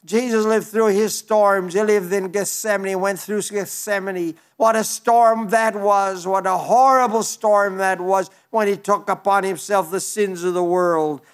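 A man's voice: high voice, steady tone, measured pace, few pauses, smooth. A man, a pastor, preaching a sermon, reading scripture aloud and explaining it in an earnest way with frequent restarts.

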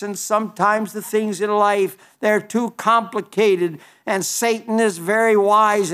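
A man preaching a sermon, urging his listeners with earnest, repeated exhortations and slowing down for emphasis. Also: sits high, fairly bright tone, clean tone.

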